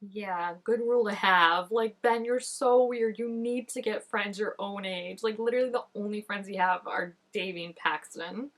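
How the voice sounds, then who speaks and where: A woman's voice: medium pitch, moderate pace, few pauses. A young adult woman reacting to a TV episode in a casual, chatty way. She uses lots of fillers, laughs often and makes mock-dramatic exclamations at the screen. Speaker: TV reaction vlogger.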